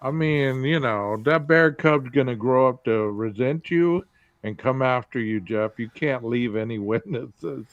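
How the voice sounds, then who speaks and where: A man's voice: medium pitch, unhurried, no room sound. Laid-back male podcast host, lo-fi. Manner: laid-back, joking sign-off with a put-on airline pilot announcement. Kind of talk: casual chat. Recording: dull lo-fi sound.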